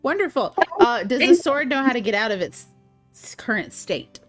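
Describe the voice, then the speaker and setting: A woman's voice: fairly high pitch, sing-song, moderate pace, faint music behind. A woman playing in a tabletop game, speaking directly and asking pointed questions. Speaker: player. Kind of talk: casual tabletop play.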